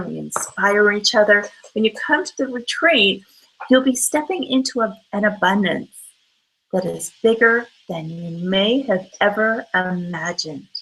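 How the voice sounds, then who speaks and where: A woman's voice: medium pitch, a bit bright, poor audio. A woman giving a motivational talk, emphatic and full of rhetorical questions. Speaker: motivational speaker.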